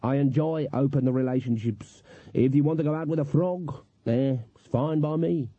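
A man's voice: a little high, normal speed, dry recording, close to an everyday voice. A man voicing a boastful, amorous male dwarf who speaks proudly and smugly. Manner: proud, smug, easygoing. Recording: dull, dry lo-fi recording.

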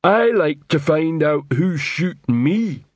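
A dim but kindly troll constable, put on by a man reading a storybook, talks in slow, halting, broken phrases. The voice sits a little higher than the reader's own and stays lively. The sound is close and dry. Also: dry recording. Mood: earnest.

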